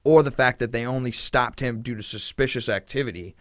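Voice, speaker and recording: A man's voice: medium pitch, fairly quick, no room sound, studio quality. A man hosting a podcast, telling a story in casual chat with a lot of fillers, indignant and swearing freely. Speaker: podcast host.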